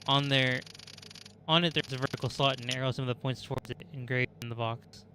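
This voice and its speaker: A man on a stream reading the text of a horror game aloud, brisk, with small restarts. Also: medium pitch, fairly even intonation, background noise. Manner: brisk, reads with restarts and jokes.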